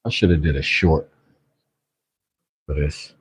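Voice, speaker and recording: Deep, slow-talking man. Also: husky, rough recording. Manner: laid-back, chatty, greets viewers. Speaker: livestream host. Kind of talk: casual livestream chat.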